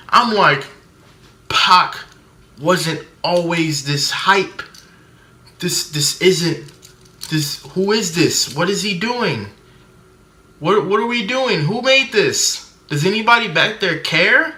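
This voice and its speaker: A man's voice: high voice, expressive, slow, pushed and bright, reverberant. A man doing a comedic movie review rant, sarcastic, mimicking people and shrieking a running punchline.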